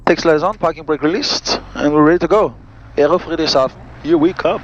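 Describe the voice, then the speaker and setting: A man with a voice a shade higher than usual runs through his preflight checklists, then turns to chat with the viewers. The sound is dull and lo-fi, picked up on an aviation headset. A faint engine hum fills the small cockpit behind him. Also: fast. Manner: crisp checklist callouts mixed with friendly asides. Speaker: pilot and vlog host. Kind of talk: cockpit vlog with spoken checklists.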